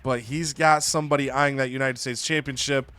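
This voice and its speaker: Young guy recapping a wrestling game, bright voice, animated storytelling, dry close sound with faint music. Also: medium pitch, fairly quick, smooth, no echo. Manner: animated storytelling, acting out characters' lines. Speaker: gaming video host. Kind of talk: casual narration of a wrestling game save.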